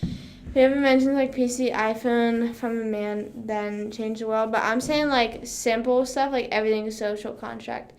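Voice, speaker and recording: A woman's voice: a little high, steady tone, normal speed, a little mellow. A young woman hosting a casual livestream chat, bubbly and rambling, saying "like" constantly and breaking into song. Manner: bubbly, rambling, heavy use of "like", bursts into song. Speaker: livestream host.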